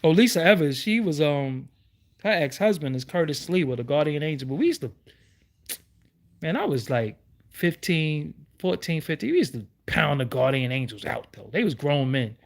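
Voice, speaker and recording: A middle-aged New man hosts his online show in a heated rant, firing off one rhetorical question after another. His voice sits high and swings widely in pitch as he talks. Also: sing-song, moderate pace. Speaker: YouTube show host. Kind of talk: livestream rant.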